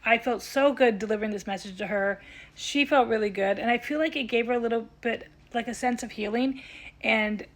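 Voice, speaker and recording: A woman speaking as a psychic medium, telling a personal story in a chatty vlog style and often dropping to a hushed tone when she quotes what was said. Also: a little high, fairly quick. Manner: chatty, recounts dialogue, drops to a hushed tone when quoting.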